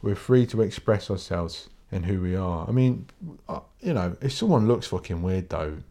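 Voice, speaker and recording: This British man, solo podcast host, rants casually in a blunt, profane, meandering style, constantly restarting his sentences. His voice is deep and dark in tone, animated, at a normal speed.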